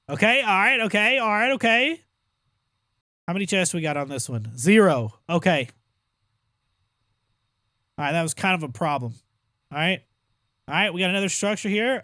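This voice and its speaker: A young man giving casual gameplay commentary as a streamer, chatty, with exaggerated complaints and excited outbursts. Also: a little high, dry recording, clean studio sound. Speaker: gaming streamer.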